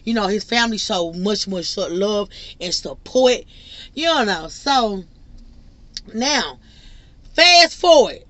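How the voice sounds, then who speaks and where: Bright-voiced young woman telling a story. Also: mid-range voice, slow, pauses often. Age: young adult. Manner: animated, laughing storyteller. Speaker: vlogger. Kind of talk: storytime vlog.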